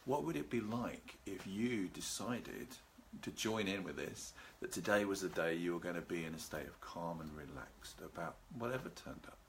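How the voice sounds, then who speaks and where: A male seminar host with a low, calm, gravelly voice leads a live video talk on relaxation from his home, a garden visible behind him. He speaks in a calm, leisurely way and greets live viewers by name, with a little hiss or hum in the audio.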